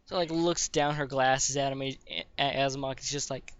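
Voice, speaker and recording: A man's voice: mid-range voice, steady tone, normal speed, hardly any pauses, clean tone. A man narrating a tabletop game as game master, rambling casually with many fillers and restarts. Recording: dull lo-fi recording.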